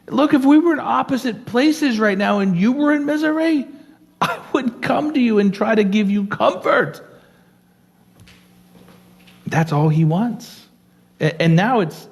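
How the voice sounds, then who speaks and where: A man's voice: high voice, a little mellow, slightly rough. A man preaching as a pastor, teaching verse by verse, reading scripture aloud and explaining it in an earnest, conversational way.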